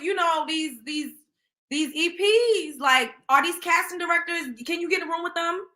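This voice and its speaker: Blunt, high-voiced woman gossip host. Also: roomy sound. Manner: blunt, profane, animated. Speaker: show host. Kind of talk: casual celebrity gossip commentary.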